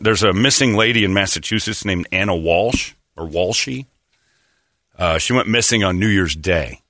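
A man's voice: sits low, pushed and bright, no echo, clean studio sound. A man hosting a podcast, telling rambling comedic stories with frequent laughs and asides. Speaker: podcast host. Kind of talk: casual comedic storytelling.

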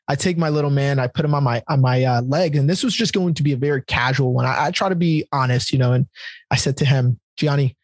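A man's voice: medium pitch, fast, no room sound. A man in his thirties hosting a podcast, telling a personal story candidly and with feeling in casual conversation. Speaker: podcast host.

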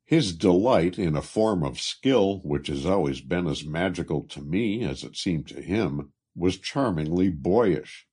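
A male narrator reads an old travel story in an unhurried, expressive way. His voice is deep and husky, and his pitch swings widely from phrase to phrase. He lifts his voice for the speech of the people in the story. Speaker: audiobook narrator. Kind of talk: scripted narration.

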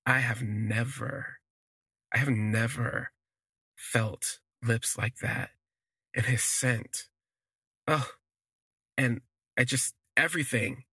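A man telling a personal story for his podcast, in an unhurried, conversational way that lingers on words, with fillers. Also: medium pitch, bright, forceful tone, breathy edge, no room sound.

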